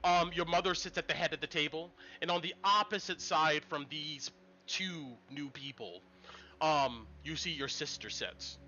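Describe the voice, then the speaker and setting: A man narrating a tabletop game as game master, in a relaxed storytelling manner with frequent ums. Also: on the high side, moderate pace, slight background noise. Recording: muffled lo-fi stream audio.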